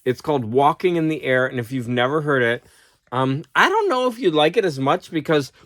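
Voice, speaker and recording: A man's voice: on the high side, very animated, fairly quick, a bit bright, dry recording, studio quality. A man who teaches school, chatting casually to camera at home, rambling and laughing at his own stories while getting over a cold. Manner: rambling, laughs often, talks to his dog. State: has a cold. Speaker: vlogger and teacher. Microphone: camera close-up.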